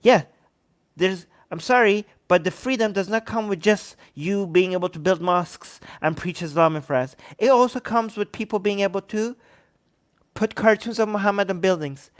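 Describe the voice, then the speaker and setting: Male stream host, high voice, sarcastic and heated, bursts into yelling, speaks into a handheld mic. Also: moderate pace, clear, resonant tone. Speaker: livestream host. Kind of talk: heated live commentary. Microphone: handheld microphone.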